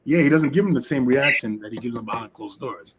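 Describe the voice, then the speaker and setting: A man's voice: mid-range voice, fast, a crowd in the background. A man co-hosting a podcast, chatting casually about relationships and telling stories with frequent "right?" asides. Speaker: podcast co-host.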